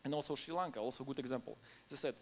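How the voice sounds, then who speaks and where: A man's voice: mid-range voice, rapid-fire, creaky, a little hiss or hum. A man giving a conference talk in non-native English, informal and anecdotal, laughing now and then between points. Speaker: conference speaker.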